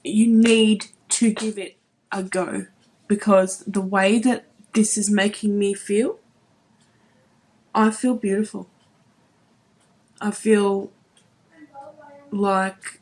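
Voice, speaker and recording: A woman's voice: medium pitch, flat delivery, slow pace, long pauses, darkish tone. Tearful woman in her thirties. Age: 30s. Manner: emotional, voice wavering near tears; earnest, repeats herself, many "like"s. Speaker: beauty vlogger. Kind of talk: emotional vlog to camera.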